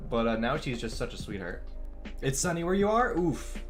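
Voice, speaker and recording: A young man in a relaxed, chatty mood, talking with his stream audience while he sketches. His voice sits at an ordinary pitch but moves around a lot, rising and falling as he goes, and he laughs easily between thoughts. A faint music bed plays under him. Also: measured pace, pauses often. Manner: relaxed, chatty, laughs often, answers chat. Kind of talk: casual chat while drawing on stream.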